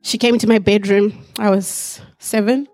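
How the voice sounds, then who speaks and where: A woman's voice: medium pitch, level tone, a little slow, darkish tone. A woman in her forties, raised in Africa, giving an earnest personal testimony to a church congregation, reflective with light laughs.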